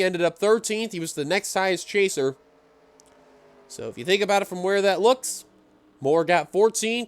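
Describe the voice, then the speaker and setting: A man doing play-by-play commentary on a simulated stock car race, excitable and running out of breath. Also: sits high, clean tone. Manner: excitable, builds to shouting at the finish. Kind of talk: sim racing play-by-play commentary.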